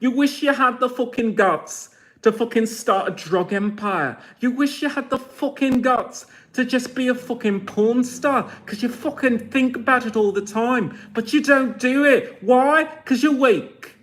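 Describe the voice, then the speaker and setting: A man's voice: very high-pitched, moderate pace, a bit bright. A man in his forties, talking to camera in a blunt, mocking rant full of swearing. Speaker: vlogger.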